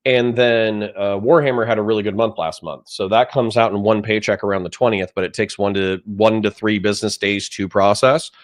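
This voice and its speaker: A man's voice: fairly low pitch, steady tone, brisk, hardly any pauses. A man hosting a casual livestream, chatting in a rambling, self-deprecating way while still sleepy and yawning. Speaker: livestream host.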